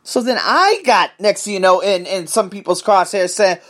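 A man's voice: sits high, animated, brisk. A man hosting his own podcast, ranting in a profane, emphatic solo monologue. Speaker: podcast host.

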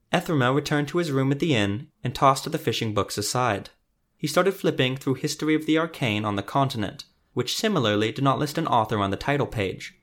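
A man narrating a fantasy story podcast in a measured, scripted storytelling manner. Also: medium pitch, expressive, a bit bright.

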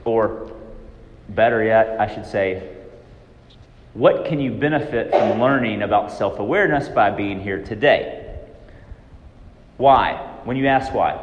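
A man giving a training talk to real estate agents in a large room, lively, often acting out worried inner voices. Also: on the low side, unhurried, pauses often, echoey room, big-room sound, highs cut off, slight background noise.

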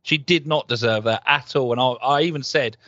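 A man co-hosting a casual podcast, ranting and swearing in an animated, jokey way. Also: mid-range voice, brisk, dry recording, lo-fi sound. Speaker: podcast co-host. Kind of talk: casual chat.

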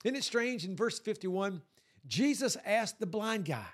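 A man preaching a sermon to his congregation, animated and lively, sometimes acting out voices. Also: high voice, a little slow. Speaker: pastor.

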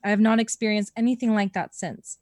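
Young woman podcast host reading a story aloud, expressive, dry close sound. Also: medium pitch, a little fast, no echo. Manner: expressive reading, breaks into laughter and swearing.

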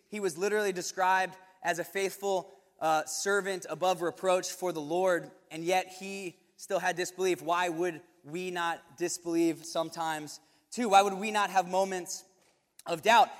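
A man's voice: high voice, a bit bright. A young man giving a casual sermon to a youth group, conversational and self-correcting with touches of light humor. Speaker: youth ministry speaker. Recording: reverberant hall.

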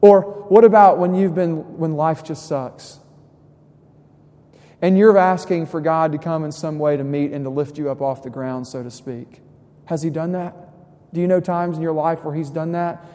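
A young man preaches a conversational sermon, and his slightly high voice rings out through a church sanctuary. He swings between soft, quiet asides and rising emphasis, and a long reverb trails behind his words. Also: fairly even intonation, moderate pace. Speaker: pastor.

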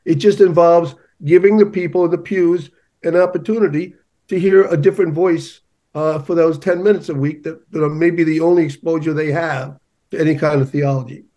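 A man's voice: on the high side, steady tone, brisk, mellow, highs cut off. A male journalist, a guest on an interview show, making his points emphatically and telling stories. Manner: emphatic, storytelling. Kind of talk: conversational interview.

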